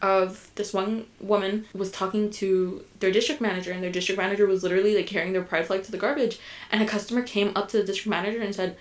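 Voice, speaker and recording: An animated young adult guest telling stories on a podcast, slipping into the voices of the people she describes. Talk is loose and casual, full of swearing and quick asides, at an ordinary middle pitch. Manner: animated storyteller, acts out quoted people, swears freely. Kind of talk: casual chat.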